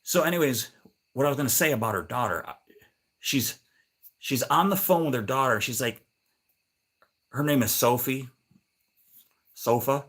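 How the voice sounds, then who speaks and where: Middle-aged male stream host, mid-pitched, rambling and irritated storyteller. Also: lively intonation, moderate pace, long pauses, a bit bright, breathy edge. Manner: rambling, annoyed, acts out both sides with "I go". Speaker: livestream host. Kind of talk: casual storytelling chat.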